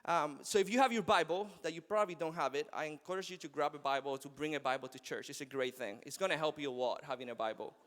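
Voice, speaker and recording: Animated young dad preaching in a reverberant hall. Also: male voice, a little high, fast, few pauses. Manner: animated and personal, laughing often. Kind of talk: live church sermon. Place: large church hall with a live audience.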